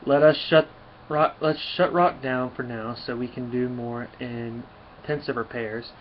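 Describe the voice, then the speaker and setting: A man's voice: mid-range voice, steady tone, measured pace, muffled recording, a little hiss or hum, lightly acted. A man reading as a kind old robot scientist. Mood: soothing. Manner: read aloud from a comic, lightly voiced. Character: kind older male robot scientist, fatherly.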